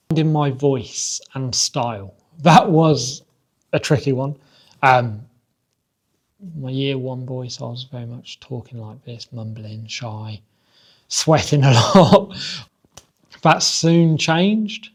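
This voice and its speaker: A man who coaches boxing, telling stories from his gym in a chatty, self-deprecating way. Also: mid-range voice. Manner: chatty, self-deprecating, laughs often, many fillers. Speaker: boxing coach and podcast host. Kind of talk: casual reflective monologue.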